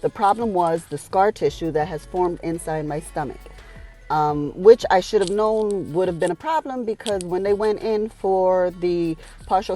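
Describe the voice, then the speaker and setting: Lady vlogger venting a story, lowish mellow voice, swears, gets emotional. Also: low-quality recording. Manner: candid, heated retelling with swearing; emotional, pausing to collect herself. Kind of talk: casual storytelling vlog.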